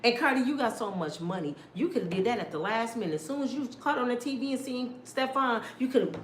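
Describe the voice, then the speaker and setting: A middle-aged woman giving loud, sassy celebrity gossip commentary, ranting and acting out quotes. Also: on the high side, animated, quick pace, slight background noise. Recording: echoey room.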